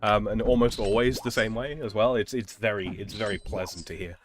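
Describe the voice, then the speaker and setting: A man's voice: lowish voice, fairly even intonation, fairly quick, music in the background. A male streamer chatting casually while gaming, opinionated and rambling, often restarting his sentences. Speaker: streamer host.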